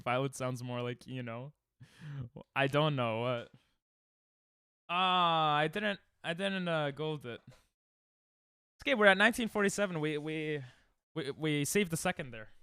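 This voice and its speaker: A man's voice: fairly high pitch, a bit bright, clean tone, dry recording, studio quality. Young man streaming, casually rambling. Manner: rambling, self-deprecating, restarts often, chats with viewers. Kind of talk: casual livestream chat while speedrunning.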